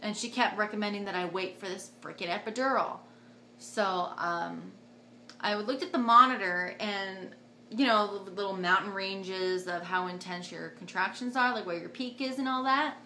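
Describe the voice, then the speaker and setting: A young woman vlogger casually telling a personal story to camera, chatty and animated, acting out what others said with sudden jumps in pitch. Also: normal speed, echoey room, a little hiss or hum.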